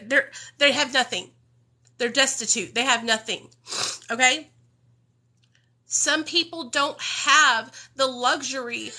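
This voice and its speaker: This woman has a high-pitched, sharp voice. She addresses her livestream audience as y'all, swearing liberally as she speaks about recovery with raw emotion and bluntness, completely unscripted.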